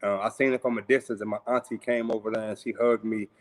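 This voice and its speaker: A man's voice: fairly low pitch, flat delivery, quick pace. A man from St. Louis telling a personal story in a conversational way, acting out the voices of people he quotes and using frequent fillers. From St. Louis, USA. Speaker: guest storyteller.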